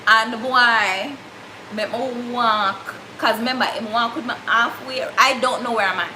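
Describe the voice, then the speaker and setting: A woman's voice: on the high side, steady tone, a little slow. A young Jamaican woman with a Jamaican accent, telling a story in casual chat and slipping into patois. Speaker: vlogger. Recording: echoey room, faint background noise.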